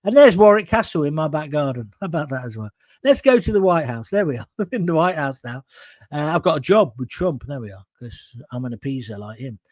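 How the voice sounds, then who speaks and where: Guy ranting on his talk show, high voice bouncing all over, reads comments and argues back. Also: sing-song, brisk, darkish tone, no room sound, studio quality. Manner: blunt, combative, rambling rant. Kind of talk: live talk show, reading viewer comments. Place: studio in front of a green screen.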